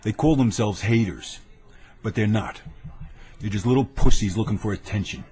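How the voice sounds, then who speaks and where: A man's voice: lowish voice, moderate pace, mellow. A man venting angrily into his webcam, combative and boastful, hammering his points with repeated phrases. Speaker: vlogger ranting to camera. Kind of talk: angry webcam rant. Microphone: webcam mic.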